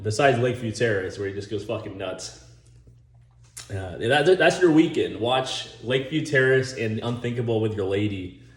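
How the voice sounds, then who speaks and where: A movie vlogger rambles casually about movie ideas, swearing a lot and chuckling in an animated way. He has a mid-range voice, and the room sounds echoey.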